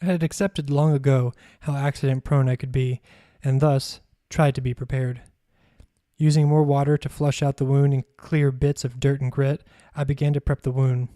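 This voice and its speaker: A man reads his own memoir aloud in a measured, even storytelling manner. His tone is mellow and warm, with little rise and fall in pitch. The recording is close and dry. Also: no echo. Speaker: podcast host and author.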